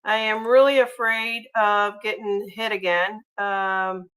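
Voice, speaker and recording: A woman hosting a casual livestream, chatty and gushing, often pausing on ums and uhs as she reads viewer comments. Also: medium pitch, fairly even intonation, a bit bright, clear, resonant tone, low-quality recording. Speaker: livestream host.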